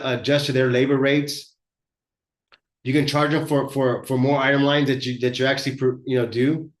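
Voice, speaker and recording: A man's voice: medium pitch, roomy sound. A man hosting a live business workshop, talking bluntly and conversationally as he coaches other shop owners, often repeating words as he goes. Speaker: host and auto body shop owner.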